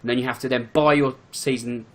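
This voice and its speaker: A man chatting casually on a football podcast as a fan and season ticket holder, in a quick, chatty way full of fillers. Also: mid-range voice, steady tone, a bit bright. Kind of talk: casual chat.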